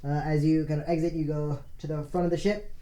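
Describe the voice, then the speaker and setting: Halting man running a tabletop game. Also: fairly high pitch, level tone, crowd noise. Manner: halting, full of filler words. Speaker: game master.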